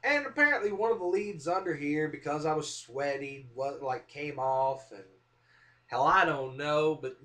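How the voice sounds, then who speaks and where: Speaking at a normal speed in a slightly high voice, this vlogger recounts a funny episode from his own life to the camera. He pokes fun at himself and performs the lines others said with animation.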